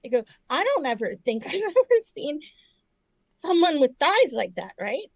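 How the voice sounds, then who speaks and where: On a podcast she co-hosts, a woman swaps animated, profanity-filled stories in laid-back conversation. She has a high voice, a moderate pace, and the recording has no room sound.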